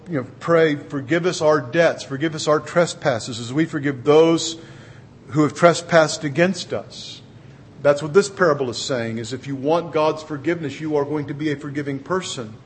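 A man's voice: fairly high pitch, slight background noise. A man preaching a sermon in an earnest, conversational way. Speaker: pastor.

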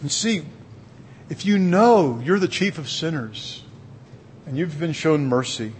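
A man's voice: a little high, lively intonation, unhurried, slight background noise. A man preaching a sermon in an earnest, conversational way. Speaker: pastor.

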